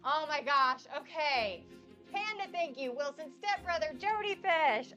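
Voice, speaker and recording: Bubbly high-voiced woman streaming from her kitchen. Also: expressive, unhurried, music in the background. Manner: bubbly, effusive, thanks viewers over and over. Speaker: baking and cooking streamer. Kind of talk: casual live-stream chat while cooking.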